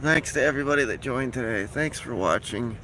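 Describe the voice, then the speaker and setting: A man's voice: medium pitch, a little fast, pushed and bright, a little hiss or hum, rough recording. A man chatting casually on a live stream, rambling and reading out viewer comments as he signs off. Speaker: vlogger wrapping up a live stream.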